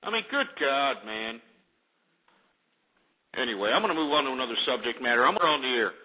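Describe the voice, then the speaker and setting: A man's voice: medium pitch, lively intonation, a little fast. A man hosting a call-in radio show, ranting and hurling insults at callers. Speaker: radio talk show host. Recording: lo-fi phone-like radio audio.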